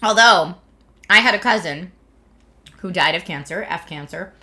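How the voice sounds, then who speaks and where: Woman, thirties, bright tone, casual stream chat, animated. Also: on the low side, moderate pace. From Philadelphia area, USA. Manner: chatty, animated, laughs often. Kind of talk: casual chat reading viewer comments. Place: home streaming setup in California.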